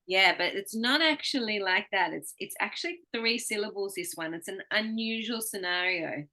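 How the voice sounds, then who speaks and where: A woman teaching pronunciation one-on-one, patiently modeling words slowly and clearly for her student. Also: mid-range voice, pushed and bright.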